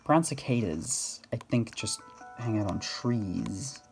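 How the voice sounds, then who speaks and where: A man's voice: lowish voice, expressive, slow pace, gravelly, faint music behind. An Australian man chatting casually over gameplay, rambling and self-correcting with laughs. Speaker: gaming video host.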